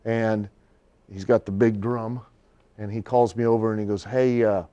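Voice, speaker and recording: A man in a studio interview, telling an anecdote in an animated way, laughing and acting out the people he quotes. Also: lowish voice, moderate pace, dull audio. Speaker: guest storyteller.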